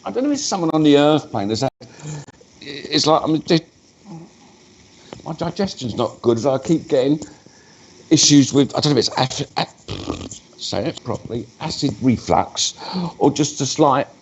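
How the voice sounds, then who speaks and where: A man's voice: on the high side, sing-song, normal speed, vocal fry, pauses often, dull audio, a little hiss or hum. A man, working as a spiritualist medium at a live church service, talking in a chatty way and breaking off mid-sentence to address spirits. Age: 50s.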